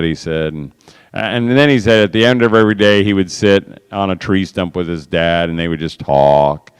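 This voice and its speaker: A man addresses an audience as a conference speaker, telling stories in an animated way and acting out other people's voices. His voice is low, resonant and clear at a normal speed, with a big-room sound.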